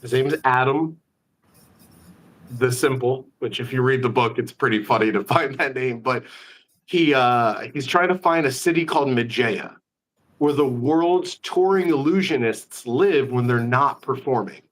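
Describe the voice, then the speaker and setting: A man hosting a casual live-stream interview, an animated storyteller full of quick asides. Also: medium pitch. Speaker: magician, host.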